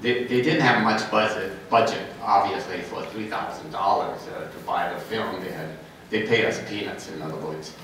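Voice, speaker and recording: Speaking at normal speed in a low voice with a fairly bright tone, an older man rambles through stories as a panel guest, often chuckling and starting sentences over. It's a Q&A in a big convention hall, captured from a distance with lots of echo and noise.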